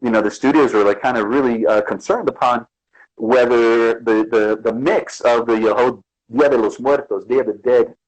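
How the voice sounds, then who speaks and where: A man from the Bronx, New York, speaks at a mid-range pitch and moderate pace on a low-quality recording. He's a guest artist chatting casually in an interview, telling his stories with animation and acting out the quotes.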